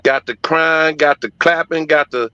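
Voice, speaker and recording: A man's voice: fairly high pitch, steady tone, unhurried, pushed and bright, clean tone, dry recording. A middle-aged man telling a story in casual conversation, emphatic and profane but heartfelt. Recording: dull lo-fi audio, dry.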